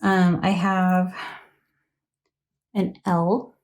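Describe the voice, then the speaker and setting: A woman gives a casual, earnest tarot reading to a phone camera, chatting with frequent ums and a checking "okay?". Her fairly low, slightly mellow voice holds a level tone and moves extremely slowly, and she's emotional and close to tears.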